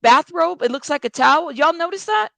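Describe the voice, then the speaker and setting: A woman's voice: sits high, expressive, fairly quick, gravelly, pushed and bright, no echo. Chatty woman reacting to true crime. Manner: chatty, addresses viewers directly. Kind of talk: casual reaction commentary.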